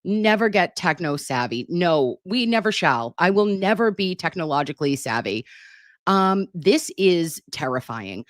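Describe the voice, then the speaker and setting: A middle-aged woman chats on a livestream in a low, swooping voice that rises and falls a lot. She sounds affectionate and self-deprecating, talking into a desktop microphone in a dry, close sound. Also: animated, unhurried, dry recording. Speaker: livestream host. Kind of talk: casual livestream chat reading viewer comments. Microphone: computer mic at a desktop.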